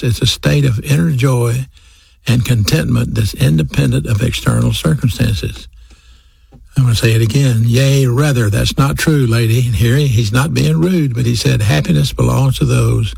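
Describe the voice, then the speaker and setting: A man preaching a sermon, slowing down and repeating key phrases for emphasis. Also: medium pitch, creaky, darkish tone, slightly rough, no room sound.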